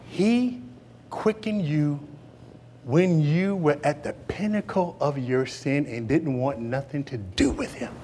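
A man preaching a sermon as pastor, animated and folksy, swinging between loud and hushed delivery with playful asides to the congregation. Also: on the high side, unhurried, slight background noise.

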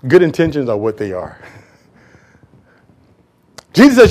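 Man preaching, high voice, emphatic, repeats his words. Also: huge pitch swings, normal speed, long pauses. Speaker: pastor. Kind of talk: sermon.

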